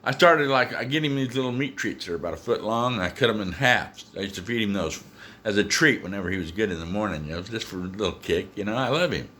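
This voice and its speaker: A man telling casual stories to the camera at home about his dog, animated and chuckling as he goes. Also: on the low side, fast talker, a little hiss or hum. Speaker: dog owner.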